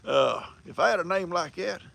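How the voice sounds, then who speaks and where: An older man with an American country accent chats with his livestream viewers in a folksy, rambling way. His voice is heavily gravelly and husky. He sits on the higher side for a man. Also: moderate pace, a bit bright. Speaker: livestream host. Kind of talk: casual chat reading viewer comments.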